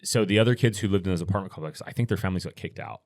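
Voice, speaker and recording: Podcast guest, middle-aged man, very low voice, relaxed storyteller with lots of restarts. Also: very fast, dry recording, studio quality. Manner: laid-back, rambling with restarts and fillers. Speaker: podcast guest, firearms instructor. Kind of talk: casual storytelling.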